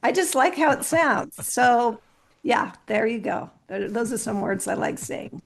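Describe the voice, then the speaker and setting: A woman who usually hosts a podcast answers questions in a relaxed, casual chat. She sounds earnest and animated and often restarts her sentences. Her voice sits fairly high with a gravelly, fry-laden texture. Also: a little slow. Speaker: podcast host interviewed as guest. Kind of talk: casual conversational interview.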